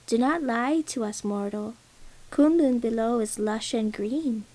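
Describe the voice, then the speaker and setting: A woman's voice: fairly high pitch, unhurried, warm tone, poor audio. A woman voicing haughty, childlike sun birds who taunt in a sing-song way. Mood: mocking.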